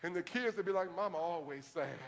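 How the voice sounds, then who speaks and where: A male pastor preaching to his congregation in a church. He talks conversationally, acts out quoted church members in quick asides, and builds to fervent shouting. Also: sits high, lively intonation, vocal fry, slight background noise. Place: church sanctuary. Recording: long hall reverb, faint ambience.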